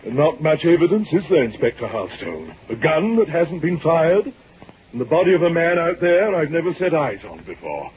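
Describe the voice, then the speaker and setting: A man's voice: a little high, big pitch swings, normal speed, darkish tone. An actor playing a nervous, evasive businessman under suspicion in a 1940s-style radio drama, defensive and protesting. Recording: lo-fi old radio recording with faint hiss.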